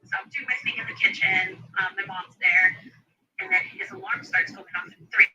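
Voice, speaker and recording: A woman's voice: mid-range voice, very animated, moderate pace, pushed and bright, recorded from a distance, muffled recording. A woman recounting events in an emotional documentary interview, often quoting what others said.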